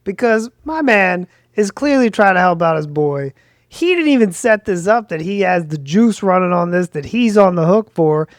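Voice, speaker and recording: A man's voice: sits high, animated, normal speed, no room sound. Laid-back man on a dry podcast mic. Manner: laid-back, opinionated banter. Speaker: podcast co-host. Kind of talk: casual podcast chat.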